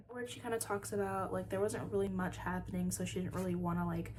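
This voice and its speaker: A woman recapping an episode in a casual chat, swearing often and filling pauses with "um" and "like". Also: on the low side, steady tone, a little mellow, slight background noise. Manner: chatty, swears often, many fillers. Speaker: podcast reviewer.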